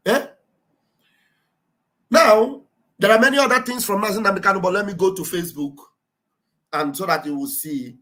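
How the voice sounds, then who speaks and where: Nigerian man, high voice, live commentary, animated, mocking, preachy fervor. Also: moderate pace, long pauses, low-quality recording. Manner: animated, mocking, with frequent laughter and mimicry. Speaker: livestream commentator.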